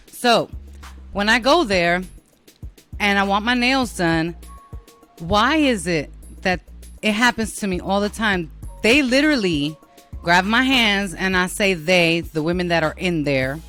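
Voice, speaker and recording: Blunt, bright-voiced New York woman host. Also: medium pitch. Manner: blunt, profane, rambling. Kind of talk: casual monologue.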